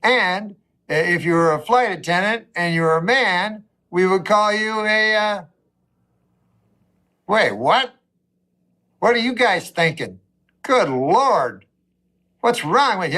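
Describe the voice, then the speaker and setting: Deadpan, rambling male comedian. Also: high-pitched, slow, long pauses. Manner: deadpan, rambling, mock-outraged asides. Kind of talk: deadpan stand-up storytelling.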